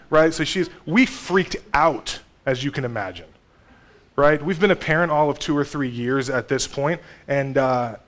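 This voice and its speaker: A pastor in his thirties giving a conversational sermon, with sudden swings between loud emphasis and soft asides. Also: fairly high pitch.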